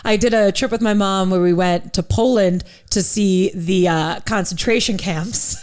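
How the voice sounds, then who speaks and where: A woman in her thirties, a comedian guest, telling stories in a quick, self-mocking way. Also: mid-range voice, a little mellow. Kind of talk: casual chat.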